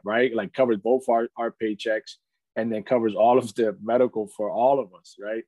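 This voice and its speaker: A man's voice: mid-range voice, fairly even intonation, brisk, dry recording, narrow, tinny audio. A man in his thirties, a podcast guest, candidly telling his life story in casual conversation, earnest, peppering his speech with "man" and "you know.". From United States.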